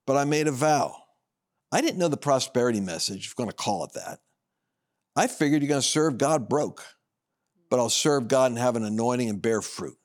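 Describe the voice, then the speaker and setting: A man minister giving a personal testimony on a broadcast, acting out the dialogue as he tells it, with loud high bursts and low quiet asides. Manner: acts out quoted dialogue in his telling.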